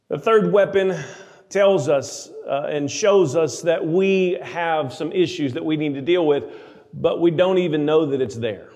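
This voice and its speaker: A man preaching a sermon, emphatic, slowing down to read scripture aloud. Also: on the high side, a little mellow, in a large hall. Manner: emphatic, slows for scripture readings.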